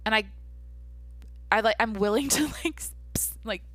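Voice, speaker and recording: A woman's voice: fairly high pitch, normal speed, a bit bright, dry recording. A young adult woman hosting a casual solo podcast, rambling and swearing casually as she talks to herself. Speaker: podcast host.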